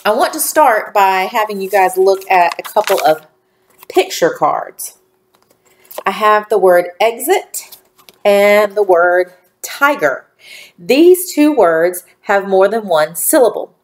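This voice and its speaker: A woman teacher giving a phonics lesson to young children, speaking slowly and clearly with encouraging praise. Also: medium pitch, lively intonation. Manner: slow, clearly enunciated, encouraging.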